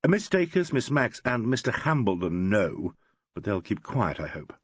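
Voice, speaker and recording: A man's voice: lowish voice, sing-song, normal speed, slightly rough, no echo. A man doing an urbane English inspector. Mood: teasing. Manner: urbane, teasing, polished. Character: suave, playful English chief inspector, male.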